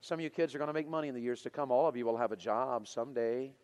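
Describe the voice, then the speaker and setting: A pastor telling a story in a sermon to teenagers, getting louder and more excited as he goes. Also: mid-range voice, racing, smooth, big-room sound. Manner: animated, builds to loud excited preaching.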